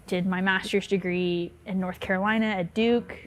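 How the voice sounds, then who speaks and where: Woman, Southern American accent, co-pastor, casual interview, chatty, easy laughter, mid pitch. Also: steady tone, moderate pace. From Southern United States, Memphis. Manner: chatty, laughing easily, searching for words. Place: church on location.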